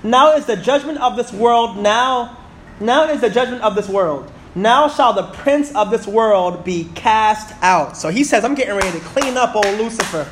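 A man in his thirties preaching a sermon in church, reading scripture slowly and calling out to the congregation. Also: high voice, slight background noise. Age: 30s. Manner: animated, reads scripture slowly and calls out to the congregation.

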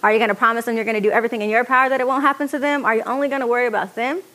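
A woman's voice: on the high side, fairly even intonation, rapid-fire, sharp tone. A woman leading a workshop, speaking conversationally and asking the audience rhetorical questions. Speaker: workshop facilitator. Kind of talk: lecture to an audience.

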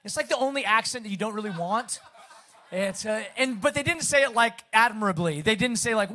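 A middle-aged man with a slight Southern accent speaks as a guest pastor, chatty and energetic. His voice sits notably high for a man, and he keeps the mood light with easy self-deprecating humor. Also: brisk. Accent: Southern American, Texas. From Pacific Northwest of the US. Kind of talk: sermon introduction.

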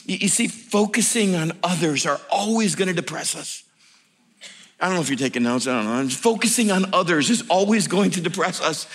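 High-voiced, animated male preacher. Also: brisk. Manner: animated, humorous, rising to near-shouts. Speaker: pastor. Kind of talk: sermon.

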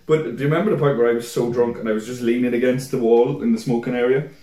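A man's voice: racing, roomy sound. A young man co-hosting a podcast, telling drunken stories in casual chat, swearing a lot and mimicking people. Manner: animated storyteller, swears a lot, mimics people in high voices. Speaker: podcast co-host.

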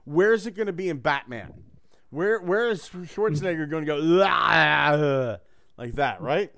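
A man chats casually on a podcast, rambling and joking and swearing freely. His voice sits a little higher than most men's. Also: expressive, normal speed. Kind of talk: casual chat.

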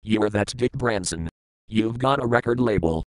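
A pushy, cheeky cab driver who keeps talking and will not take no for an answer, as an audiobook narrator puts him on. His voice is smooth and clear, recorded dry and close. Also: on the low side, moderate pace, no echo, close to an everyday voice. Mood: cheeky, insistent. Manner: cheeky, insistent. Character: chatty, pushy male London cab driver.

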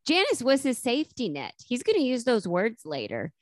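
A woman co-hosting a casual chat and recapping a sitcom episode, lively, often acting out characters' lines. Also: fairly high pitch, normal speed, no room sound. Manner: animated, acts out characters' lines. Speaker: podcast co-host.

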